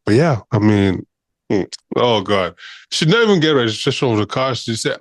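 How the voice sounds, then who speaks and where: A man's voice: mid-range voice, expressive, normal speed, no echo, clean studio sound. A man co-hosting a podcast, chatting casually in an easygoing way. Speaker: podcast co-host. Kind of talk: casual chat.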